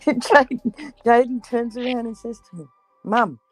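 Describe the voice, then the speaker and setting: A woman's voice: on the high side, steady tone, slow, a little mellow, soft background music, low-quality recording. A middle-aged woman, telling a laughing anecdote in casual chat and swearing freely.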